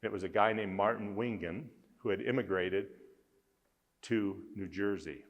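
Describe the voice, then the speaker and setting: A man's voice: fairly low pitch, a little slow, in a large hall, muffled recording. A man speaking as a conference speaker, earnestly telling a story with emphasis. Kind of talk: storytelling talk.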